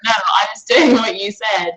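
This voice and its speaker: London woman, musician guest, chatty, mid-pitched, easy laugh. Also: moderate pace, a loud crowd, poor audio. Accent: London English. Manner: chatty, laughs easily, hesitant fillers. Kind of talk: casual interview chat.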